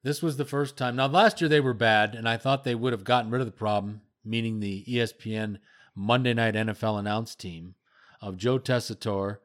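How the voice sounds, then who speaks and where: An older man hosting sports talk, giving a blunt, opinionated rant that gets louder as he heats up. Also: lowish voice, brisk. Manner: blunt, ranting critique, voice rising when heated. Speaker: sports radio host.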